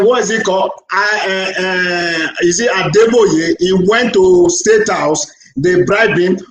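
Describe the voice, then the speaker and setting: A man's voice: high voice, echoey room, poor audio. A man from Nigeria calling in to an online talk program, speaking with fervent, repetitive emphasis. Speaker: caller. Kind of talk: emotional call-in speech.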